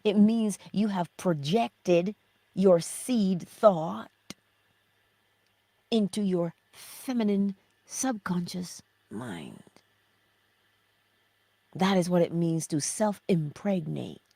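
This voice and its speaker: A woman's voice: lowish voice, expressive, drawn-out words, gravelly, pauses often, dark tone, no room sound. A middle-aged woman hosting a spiritual teaching livestream, reading viewer chat, affectionate, laughing often and slipping into whispers.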